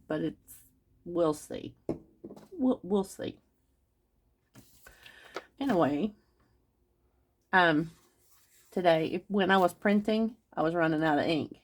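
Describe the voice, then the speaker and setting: Woman, craft vlogger, casual rambling chat, fairly low voice. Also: darkish tone. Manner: rambling, chatty, talks straight to viewers.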